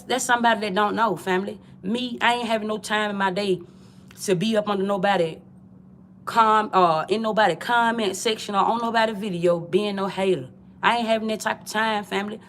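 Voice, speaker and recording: A woman's voice: mid-range voice, slight background noise. A woman from Georgia, delivering a preachy, repetitive livestream monologue in profane street talk, calling her viewers family. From Georgia, USA.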